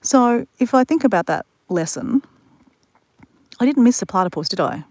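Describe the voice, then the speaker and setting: This woman's fairly high, slightly mellow voice has lively intonation and a normal speed, with no room sound. She's a chatty, rambling storyteller live-streaming from the bush beside water, addressing her viewers directly.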